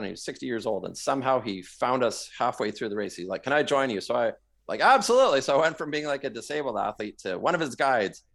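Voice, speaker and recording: A middle-aged Canadian man tells his running stories in an interview, with a gravelly, rough-edged voice. He gets animated and shouts out the lines he quotes. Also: lowish voice. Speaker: guest, marathon runner. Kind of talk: storytelling in a podcast interview.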